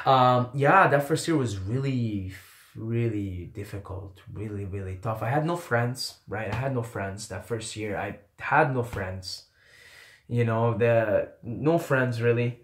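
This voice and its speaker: A young man from the Middle East, who did not grow up speaking English, tells his own story with animated, self-mocking humor and plenty of swearing. His voice sits at a medium pitch, and the room around him is noticeably echoey. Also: slow. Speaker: vlogger. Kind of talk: casual storytelling.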